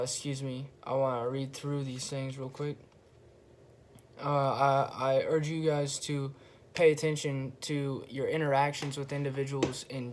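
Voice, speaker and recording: A young man giving a casual, relaxed monologue in a slow, flat, monotone way, pausing often and swearing freely. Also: medium pitch, a little hiss or hum. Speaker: podcast host.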